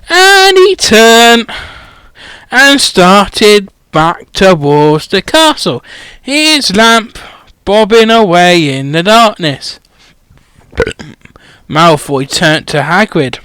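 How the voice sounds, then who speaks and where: Brief: narrator for a spoof audiobook, deadpan, unhurried, animated intonation. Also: male voice, high voice, clear, resonant tone, dry recording. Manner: slow, deadpan reading with muttered asides. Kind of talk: comic parody audiobook reading.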